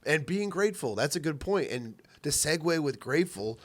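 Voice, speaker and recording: A man co-hosting a podcast in casual chat, agreeable and quick to chime in. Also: a little high, expressive. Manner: agreeable, chimes in with short affirmations. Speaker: podcast co-host.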